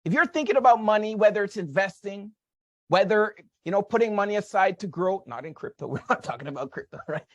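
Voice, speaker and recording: A man's voice: sits high, dry recording. A man giving a motivational lesson on money as a financial educator, talking emphatically, repeating his key points and tagging on rhetorical questions.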